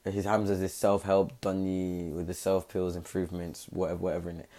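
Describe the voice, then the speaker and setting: A man's voice: deep voice, completely flat delivery, a little fast, dark tone. A young man giving casual, rambling commentary full of slang and fillers. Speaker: content creator.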